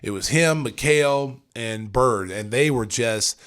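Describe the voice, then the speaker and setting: A middle-aged man in a casual podcast chat, spinning long stories with plenty of energy. He has a mid-range voice and acts out the people in his stories, jumping up loud and high. His talk is loose and conversational. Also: slow pace, smooth. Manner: animated, acts out quotes with big jumps in pitch and volume. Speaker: podcast host and former pro player.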